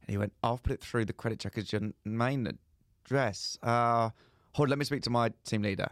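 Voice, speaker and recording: A young podcast co-host tells a comic story in casual chat, playing both sides of some phone calls. His medium-pitched voice is brisk, with studio quality and no room sound.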